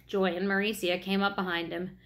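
A woman's voice: mid-range voice, flat delivery, brisk. Woman reading a children's story.

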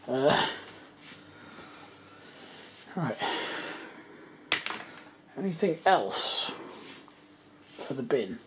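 An English man vlogs while tidying, giving casual running commentary as he rambles, mutters to himself and trails off mid-thought. His mid-range voice swings widely in pitch, with drawn-out words and frequent pauses, against a noisy background.

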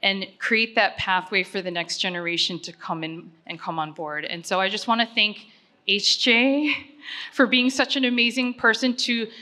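A middle-aged woman speaks at a gala in an earnest, conversational way, pausing often on fillers as she tells her story. Her voice sits at an ordinary pitch for a woman and sounds bright and forward. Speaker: honoree giving an acceptance speech. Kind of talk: personal gala speech.

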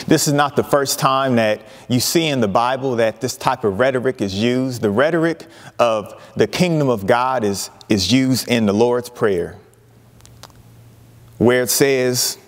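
A man preaching a sermon, emphatic, with dramatic pauses and lively retellings of scripture. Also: mid-range voice, big-room sound. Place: church sanctuary.

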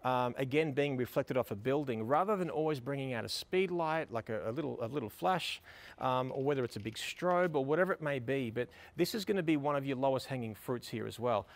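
A man's voice: mid-range voice, a little fast. A middle-aged man teaching photography outdoors beside a building, directing a couple with upbeat, coaxing praise. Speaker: photography instructor. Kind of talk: on-location teaching, directing models.

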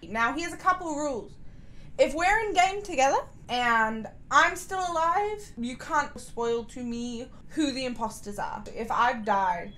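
Animated, playful woman streamer. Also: sits high, unhurried. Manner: playful, animated, chatty and giggly. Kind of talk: gaming commentary with viewers.

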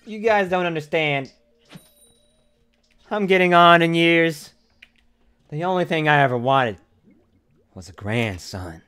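Theatrical male streamer, lively swings. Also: on the high side, takes it slowly, long pauses, clean tone, faint music behind. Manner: theatrical, swings from mumbling to yelling. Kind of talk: live game stream commentary.

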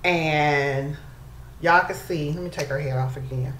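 A beauty vlogger chats casually to camera, calling her viewers y'all. Her voice sits low with a fairly bright tone and a slightly slow pace, and the room is echoey with faint background noise.

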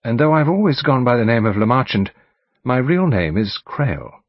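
A man voicing a husky, earnest young woman. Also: mid-range voice, very animated, normal speed, no echo. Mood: frank. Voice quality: faint agreeable huskiness. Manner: frank, earnest, slightly hesitant. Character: earnest young woman in her early twenties, determined. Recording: dull studio audiobook recording.

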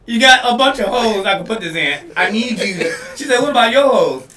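A man from Detroit, a comedian co-hosting a podcast, riffing loudly and laughing through his punchlines. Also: high-pitched, fairly quick. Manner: animated, laughing, yelling punchlines. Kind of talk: loose comedic banter. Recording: echoey room, mic at a distance, faint noise.

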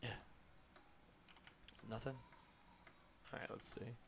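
A young man streaming a game live, chatting in a rambling, excitable way to his viewers and to the creatures on screen. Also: slow pace, background noise. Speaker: gaming streamer. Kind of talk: live gameplay chat.

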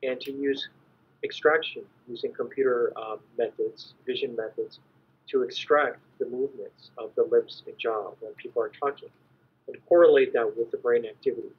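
A man giving a measured, explanatory academic lecture as an invited conference speaker. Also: mid-range voice, steady tone. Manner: measured, explanatory, clears throat at times. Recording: dull lo-fi recording.

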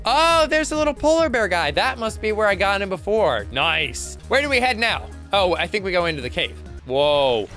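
A young man talks through his game in a high, bright, bouncing voice, chatty and excitable, breaking into laughs and yelps. Faint game music plays underneath him. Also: moderate pace, hardly any pauses. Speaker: gaming channel host. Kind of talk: let's play commentary.

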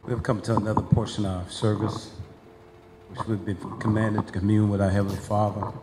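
A man introducing the Lord's Supper and reading scripture in a formal, halting way. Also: fairly low pitch, little pitch movement, over music. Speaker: communion leader. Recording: echoey church hall.

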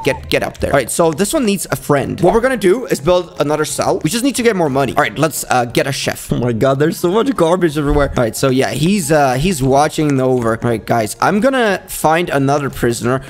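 A man hosting a playful game commentary video, acting as a bossy prison cop and jumping into high yelps when he panics. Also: animated, fairly quick, hardly any pauses, faint music behind. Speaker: gaming video host. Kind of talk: playful let's-play commentary.

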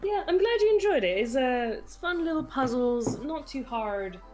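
A woman's voice: high voice, animated, moderate pace, soft background music. A woman playing a co-op game with a friend on stream, chatty and giggly as she tells stories. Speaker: stream moderator and co-op partner. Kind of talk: casual gaming chat.

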